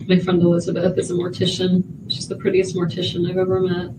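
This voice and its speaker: A woman's voice: fairly low pitch, completely flat delivery, fast talker. A woman chatting and telling a story in a played clip. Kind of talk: casual chat in a played clip. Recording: distant, noisy clip audio.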